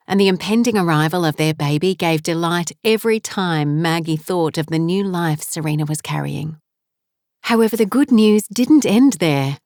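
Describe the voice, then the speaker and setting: A woman narrating an audiobook in an unhurried, measured reading. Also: fairly low pitch, a little mellow, no echo, studio quality. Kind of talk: scripted narration.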